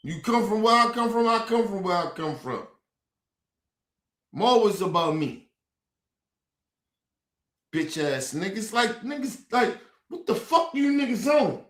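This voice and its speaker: A man from ranting hard on a livestream, profane and repetitive, bursting into shouts. His voice sits high and swings widely in pitch. The sound carries a roomy echo. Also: sing-song, a little slow, pauses often. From Baltimore. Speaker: streamer. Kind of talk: heated livestream rant.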